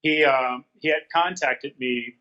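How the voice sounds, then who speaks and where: A man's voice: mid-range voice, measured pace, pushed and bright, lo-fi sound. A man telling a personal story in a candid interview, earnest and repeating his phrases as he quotes past conversations. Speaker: guest.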